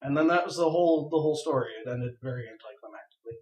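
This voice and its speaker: A young man casually telling a funny story on a podcast, animated and laughing as he goes. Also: a little high, rapid-fire. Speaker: podcast co-host. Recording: echoey room, far from mic.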